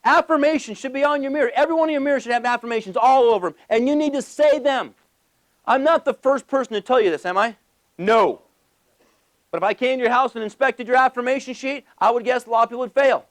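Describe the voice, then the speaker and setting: A man giving a passionate motivational business speech to a live audience, emphatic and full of rhetorical questions and rapid-fire lists. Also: very high-pitched. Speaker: motivational speaker.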